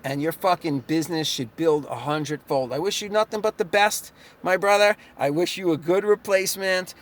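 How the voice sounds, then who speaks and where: A young man delivers a swearing, sarcastic monologue to the camera. His voice sits somewhat high for a man, and he breaks into short laughs as he vents. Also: moderate pace. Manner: profane, sarcastic, laughs between lines. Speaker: chiropractor. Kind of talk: ranting vlog monologue.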